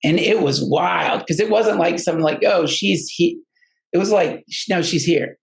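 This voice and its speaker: A man's voice: high-pitched, vocal fry, low-quality recording. A man telling a personal story in a casual, rambling way, often stopping and restarting his sentences. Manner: halting and rambling, many restarts. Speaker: guest storyteller.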